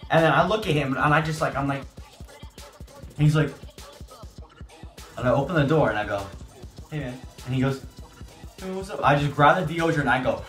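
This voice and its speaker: A young man telling a casual storytime, animated and jokey, acting out voices. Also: on the high side, fairly quick, long pauses. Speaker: YouTuber. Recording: echoey room, music behind.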